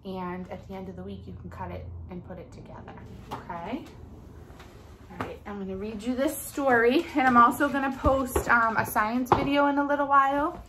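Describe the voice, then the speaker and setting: A woman preschool teacher leading a recorded circle time for small children at home, drawing out sounds in a slow, exaggerated sing-song way. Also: fairly high pitch, fairly even intonation, background noise.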